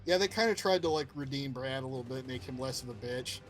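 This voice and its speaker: A man co-hosting a casual podcast about a video game, animated, swearing freely and acting out character quotes. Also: medium pitch, fast, soft background music, low-quality recording. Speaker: podcast co-host.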